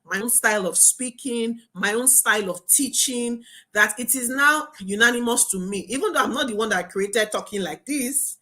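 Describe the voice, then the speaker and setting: A young adult woman teaching a marketing webinar as a coach, talking in an animated, emphatic way. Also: on the high side, normal speed, hardly any pauses. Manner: animated, emphatic, laughs and acts out students' voices.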